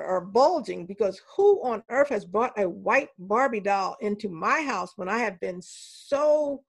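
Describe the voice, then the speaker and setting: An older woman, a professor appearing as an interview guest, tells animated classroom stories in a conversational interview. Her voice is on the high side, and she imitates the people she quotes.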